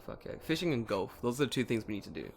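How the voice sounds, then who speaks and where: Co-hosting a laid-back podcast, this late-twenties man tells animated stories in a fast, gravelly, mid-range voice, cursing and laughing throughout. A little background noise is audible.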